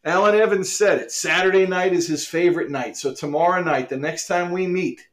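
A man with a fairly high voice hosts a loose, joking podcast. He reads a mock ad and runs the talk like a sportscaster, laughing along the way. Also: fairly quick. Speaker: podcast host. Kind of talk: casual joking chat.

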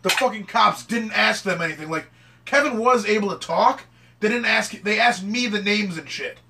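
A young man rambling excitedly through a story among friends, swearing constantly in casual chat. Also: high voice, normal speed, vocal fry, noisy background. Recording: mic at a distance.

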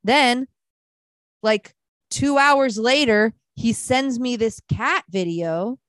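A woman's voice: fairly high pitch, takes it slowly, a bit bright, dry recording. A woman co-hosting a podcast, telling a dating story in casual chat and swearing freely. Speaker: podcast co-host.

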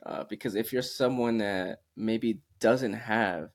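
A man co-hosting a podcast, giving his views in a measured, reflective way with some "um"s. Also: fairly low pitch. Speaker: podcast co-host. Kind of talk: casual chat.

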